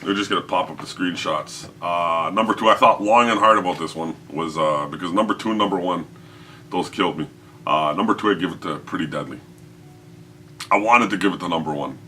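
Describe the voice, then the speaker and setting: A podcast host with a very deep yet bright, forceful voice rambles and swears through a casual chat at a brisk pace. He laughs often and trails off mid-thought, with a faint hiss beneath the recording.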